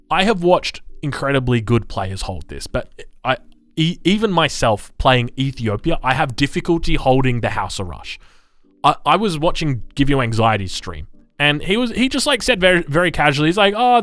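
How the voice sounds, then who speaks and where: An Australian man streaming live, reading game patch notes and chatting with his chat in an animated, chuckling way. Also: a little high, dry recording. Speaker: gaming streamer.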